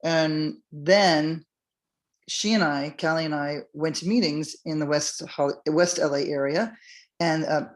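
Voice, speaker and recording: In a low, unhurried voice, the middle-aged host of a podcast relates her own story in casual, rambling fashion. Fillers and restarts abound, and she performs other people's lines as she goes.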